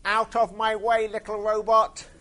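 A man's voice: high voice, flat delivery, measured pace, bright, forceful tone, voice pushed up. A man roaring as a huge boastful battle tank. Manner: roaring, incredulous. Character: booming boastful giant male battle tank.

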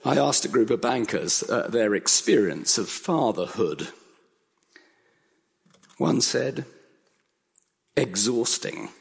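Male preacher, unhurried, emphatic sermon delivery, reverberant hall. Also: mid-range voice, very animated, vocal fry, slightly rough. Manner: earnest, emphatic, building repetition.

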